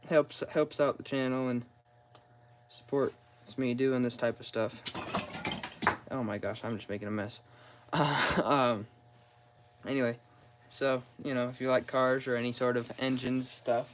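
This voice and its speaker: A man narrates his engine repair at an unhurried pace, drifting into self-deprecating asides as he works. His voice sits at an ordinary middle pitch. It is picked up by a nearby phone in a garage, with a faint workshop hum behind him. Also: fairly even intonation, rough recording. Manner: rambling, self-deprecating, talks to himself while working. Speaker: car mechanic vlogger. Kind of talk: casual how-to narration while working. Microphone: phone propped nearby.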